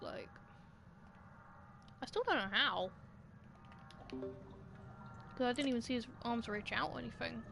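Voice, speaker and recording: A woman's voice: fairly high pitch, vocal fry, slight background noise. Chatty young woman streaming a game. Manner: chatty, talks to herself and the game characters, quick bursts of shouting. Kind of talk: live gameplay commentary.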